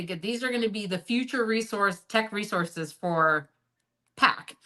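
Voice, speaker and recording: A woman guest tells her story in a frank, heavily profane way, peppering her sentences with filler words. Her voice is bright and forceful, and it jumps high when she gets worked up before dropping to low, quiet asides. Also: low-quality recording. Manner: animated, jumps up and drops low in pitch and loudness. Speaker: interview guest. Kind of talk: candid storytelling in a sit-down interview.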